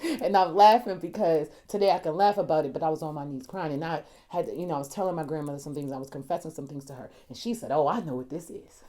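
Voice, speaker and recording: A woman life coach giving a motivational talk, preachy and repetitive, moving from hushed storytelling to loud exhortation. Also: low-pitched, quick pace. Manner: preachy, emphatic and repetitive, addresses listeners as y'all. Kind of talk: motivational self-help talk.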